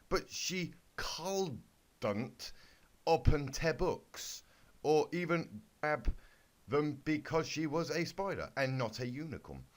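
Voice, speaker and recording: A young man reads a clumsy fan story in a mock-serious deadpan, stumbling and restarting as he goes. His delivery is slow, and his pitch swings widely. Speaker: YouTuber reading fanfic aloud. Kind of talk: mock-serious comedic reading.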